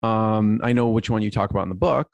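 A man hosting a podcast, asking follow-up questions in a relaxed way with frequent hesitations. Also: fairly low pitch, fast talker, gravelly, dry recording. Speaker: podcast host. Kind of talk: casual interview.

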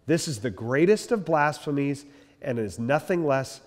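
A male pastor lectures on church history in an emphatic, animated way, talking straight to the people in the room. His voice sits somewhat high, and a long hall reverb trails behind his words. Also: normal speed.

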